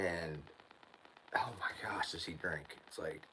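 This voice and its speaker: A man's voice: rumbling low, measured pace, sharp tone, slight background noise, poor audio. A man hosting his channel, telling a story in a casual livestream chat, ranting and often saying "dude" and "man". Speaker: channel host.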